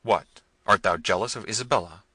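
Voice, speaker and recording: A man voicing a domineering, harsh prince, speaking loudly and with command. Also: fairly low pitch, brisk, no echo, rough recording. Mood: imperious. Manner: loud, commanding delivery.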